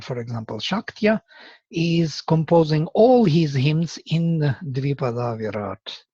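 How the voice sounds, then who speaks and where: Man, lecture, husky voice, very slow pace. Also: medium pitch, a little mellow, no room sound. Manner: slow and deliberate, tapping out rhythms aloud. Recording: dull lo-fi lecture recording.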